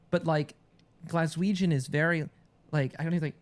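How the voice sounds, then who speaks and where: A man who acts for a living, chatting on a podcast. His voice sits a little higher than most men's. He asks curious questions and rambles along with plenty of fillers. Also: lively intonation, brisk. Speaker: actor and podcast co-host. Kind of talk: casual chat.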